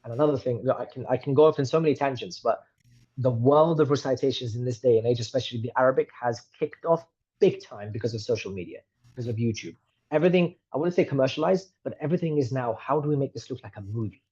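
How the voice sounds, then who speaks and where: A British man in his thirties talks as a podcast guest in a husky, slightly rough voice. He rambles candidly from one tangent to the next and pokes fun at himself as he goes. The audio sounds somewhat muffled and lo-fi. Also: mid-range voice, fast, mellow. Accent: British English. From United Kingdom. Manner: chatty, wandering, candid and self-deprecating. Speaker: guest, reciter. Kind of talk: casual interview conversation. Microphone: podcast microphone.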